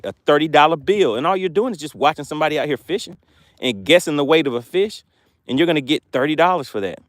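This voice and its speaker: A man's voice: on the high side, no room sound, studio quality. A man on a lake boat hosting a casual fishing livestream, chatting and reading viewer comments aloud. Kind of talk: casual live-stream commentary.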